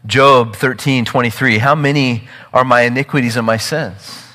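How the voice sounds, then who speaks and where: A man preaching a sermon with emphatic, animated delivery, often repeating words and building to urgent peaks. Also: mid-range voice, normal speed, in a large hall, poor audio. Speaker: pastor.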